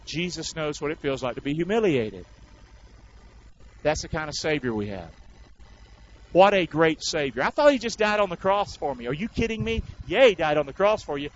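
A man preaching a sermon, calling out questions to the congregation and acting out crowds and soldiers. His voice sits high for a man. The recording is dull and lo-fi. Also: expressive, normal speed, a little hiss or hum. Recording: dull lo-fi sound.

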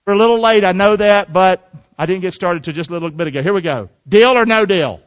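A middle-aged pastor delivers a sermon in a high-pitched male voice, drawing the congregation in with questions and calls for agreement. The recording sounds muffled and lo-fi. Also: fast. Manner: call-and-response preaching with frequent "amen?".

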